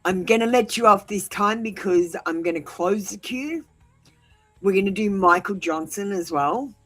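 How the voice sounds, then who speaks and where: A woman's voice: mid-range voice, normal speed, soft background music, poor audio. A woman hosting a live tarot stream, chatting casually and bluntly with viewers as she manages the chat queue, then reassuring them when they feel ignored.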